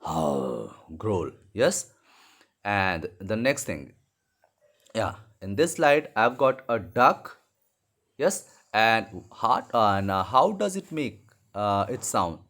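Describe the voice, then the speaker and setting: A man with an Indian English accent teaching English to young children, explaining slowly and repeating words, often switching into Hindi. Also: fairly low pitch, big pitch swings, fairly bright tone. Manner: slow, repetitive explaining, mixing in Hindi; apologises and corrects himself mid-lesson. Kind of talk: online classroom lesson for young children.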